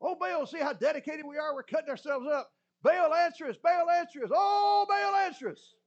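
Preacher doing frantic priests yelling and begging, really high, muffled. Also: male voice, moderate pace. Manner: wailing, pleading shouts. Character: frantic pagan priests begging their god. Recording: muffled lo-fi recording.

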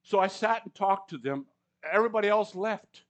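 A male pastor delivers a lively sermon, his voice rising and falling through acted-out quotes. His pitch sits a little high for a man, and he talks in a chatty, storytelling way with frequent restarts. He speaks to a congregation at a church service. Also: normal speed. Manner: conversational, anecdotal, with stammered restarts and acted-out quotes.

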